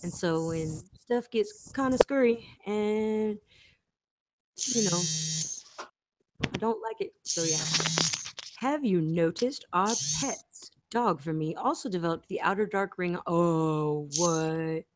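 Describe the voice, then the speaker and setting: A woman's voice: lowish voice, slow pace, a little hiss or hum. A woman in a rambling casual chat, giggling and interrupting herself often. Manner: giggly, meandering, with frequent self-interruptions. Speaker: host.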